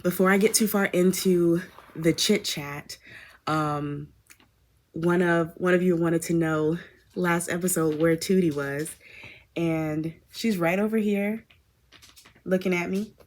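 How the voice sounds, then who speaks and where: A woman's voice: fairly low pitch, fairly even intonation, slow pace, darkish tone. A woman hosting her craft podcast from home, chatting casually and wandering with filler words. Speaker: podcast host. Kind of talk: casual chat.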